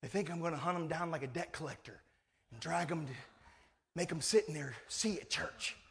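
A man's voice: on the high side, brisk, gravelly, fairly bright tone. A male pastor preaching a sermon in a conversational, emphatic way, full of rhetorical questions.

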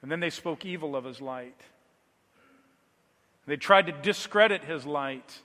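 A man preaching a sermon, moving between quiet, low passages and loud, emphatic declarations. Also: unhurried, long reverb tail.

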